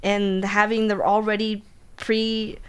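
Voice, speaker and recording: Chatty woman on an interview show, bubbly, lots of "like", mid-pitched voice. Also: level tone, smooth. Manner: bubbly, chatty, quick to laugh, many fillers. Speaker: guest, jiu-jitsu black belt. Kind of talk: casual interview chat.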